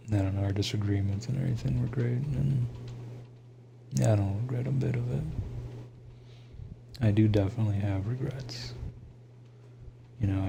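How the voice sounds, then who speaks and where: A man's voice: lowish voice, gravelly, noisy background. A young man in a casual, rambling monologue, swearing often and laughing to himself as he reflects.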